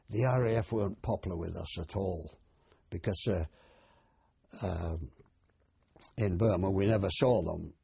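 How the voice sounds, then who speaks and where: An older man, a war veteran, telling his memories in a plain, unhurried oral history interview. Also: low-pitched, creaky, dark tone, slightly rough, no room sound. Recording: dull, dry archive interview recording.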